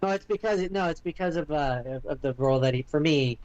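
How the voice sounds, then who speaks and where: A man co-hosting a casual movie podcast, talking in a rambling, halting way with lots of fillers and restarts. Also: a little high, a little mellow, no echo, dull audio. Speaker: podcast co-host. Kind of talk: casual chat.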